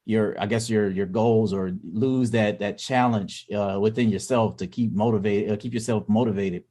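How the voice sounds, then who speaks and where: A man with a low-pitched voice co-hosting a casual podcast chat. He rambles, restarting his sentences and leaning on fillers as he works his thoughts out loud. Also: fairly even intonation, moderate pace. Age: adult parent. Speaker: podcast co-host.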